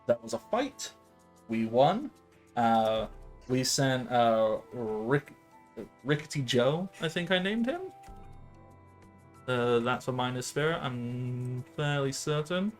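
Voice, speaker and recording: A man's voice: mid-range voice, lively intonation, takes it slowly, pauses often, soft background music. Rambling late-twenties male game master. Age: late 20s. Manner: rambling, many filler sounds, laughs often. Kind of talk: casual tabletop game narration.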